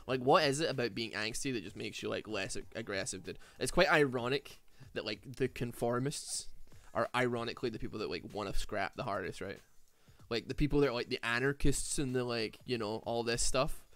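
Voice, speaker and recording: A man's voice: medium pitch, a little fast, a bit bright, no echo. A young man with a Glaswegian Scottish accent, chatting casually while playing a game, rambling with lots of "like", "man" and "dude". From Glasgow, Scotland. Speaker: streamer. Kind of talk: casual chat while gaming.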